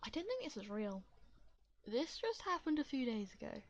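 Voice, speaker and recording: A woman who reads online stories aloud in a chatty, giggly, expressive way and adds her own comments. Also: high voice, normal speed, no room sound, lo-fi sound. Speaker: story reader.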